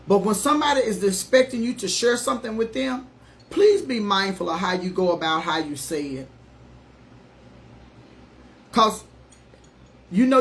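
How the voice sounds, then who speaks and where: Earnest middle-aged woman life coach. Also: medium pitch. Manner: earnest, emphatic, conversational and folksy. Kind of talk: motivational live-stream talk.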